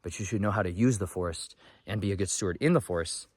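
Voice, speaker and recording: Folksy, excitable man on a forest walk. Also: sits low, quick pace, no room sound. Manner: folksy, excitable, talks straight to viewers. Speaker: homesteader vlogger. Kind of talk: walk-and-talk forest vlog. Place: outdoors in a forest.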